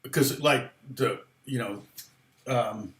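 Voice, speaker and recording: A man's voice: mid-range voice, slow, roomy sound. A man giving a casual songwriting lesson, rambling with restarts and fillers, now and then half-singing lyric lines to show a point. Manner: sings lyric snippets softly to demonstrate. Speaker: guitar teacher.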